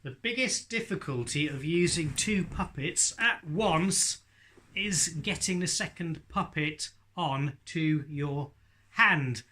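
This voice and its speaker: A man's voice: fairly high pitch, slow, pushed and bright, a little hiss or hum. A man teaching ventriloquism in a chatty tutorial, speaking directly to his viewers. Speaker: ventriloquism instructor. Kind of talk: friendly tutorial talk.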